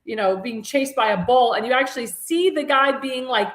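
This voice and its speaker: A woman hosts a live-stream talk show in an echoey room, her high-pitched voice moving at a moderate pace. She chats casually and rambles, laughing at her own jokes.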